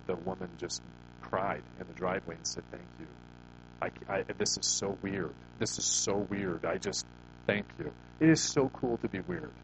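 A man's voice: fairly low pitch, background noise. A man preaching a sermon, telling a personal story with rhetorical questions and frequent restarts. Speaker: pastor.

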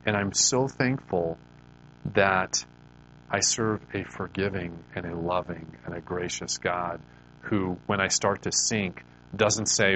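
A man's voice: low voice, slow pace, fairly bright tone, a little hiss or hum, low-quality recording. A man giving an earnest, conversational Christian devotional talk. He often repeats words as he restarts his sentences. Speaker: Christian speaker.

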